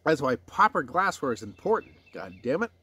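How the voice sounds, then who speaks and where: A man's voice: on the high side, sing-song, a little fast, pushed and bright, breathy edge, no echo. A man reviewing a beer in a casual vlog, rambling and swearing freely while correcting himself. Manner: rambling, profane, self-correcting.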